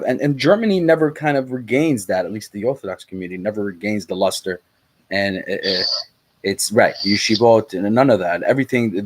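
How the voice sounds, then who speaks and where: A man's voice: fairly low pitch, no echo, poor audio. An American man hosting an interview, enthusiastic, with stammering restarts. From United States. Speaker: interview host. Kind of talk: conversational interview.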